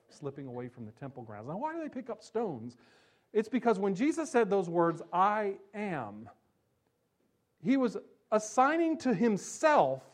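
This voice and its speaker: A pastor preaching a sermon, emphatic, slowing down on key phrases and dropping low and soft when he quotes scripture.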